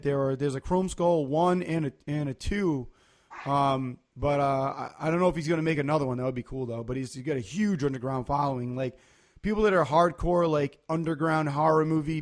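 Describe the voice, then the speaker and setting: Rambling man on a casual podcast. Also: a little high. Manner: rambling, loose storytelling with many fillers. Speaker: podcast co-host. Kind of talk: casual chat.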